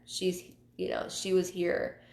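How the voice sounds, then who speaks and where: A woman psychic medium hosting her live show, chatting casually and telling personal stories in a halting way, often repeating words. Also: on the low side, completely flat delivery, vocal fry, a little mellow. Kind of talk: casual livestream talk. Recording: roomy echo.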